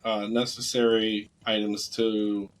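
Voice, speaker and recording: A man co-hosting a casual podcast, meandering and often restarting and correcting himself, blunt and quick to swear when something annoys him. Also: fairly low pitch, little pitch movement, rough recording. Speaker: podcast co-host.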